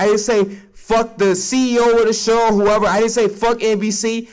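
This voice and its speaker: A young man hosting a comedic sports recap stream, talking in a loud, joking, profane way with sudden jumps in pitch. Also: fairly even intonation, moderate pace, few pauses, faint music behind. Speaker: streamer and sports show host.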